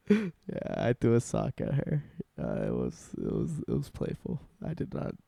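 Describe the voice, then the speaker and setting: A man musician in casual vlog talk, soft-spoken and rambling as he thinks aloud about his songwriting. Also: mid-range voice, wildly swooping pitch, measured pace, vocal fry, slightly rough, dry recording, clean studio sound.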